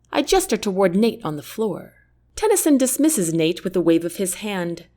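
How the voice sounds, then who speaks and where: A woman narrating a first-person novel as an audiobook, with an expressive, character-driven delivery. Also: medium pitch, moderate pace.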